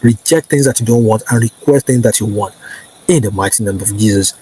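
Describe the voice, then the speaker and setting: A man giving a spiritual teaching, coaxing listeners with repeated "okay" and "right" and slowing into declarative prayers. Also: fairly low pitch, warm tone, a little hiss or hum, poor audio. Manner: slow, declarative prayer lines. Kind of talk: instructional preaching to camera.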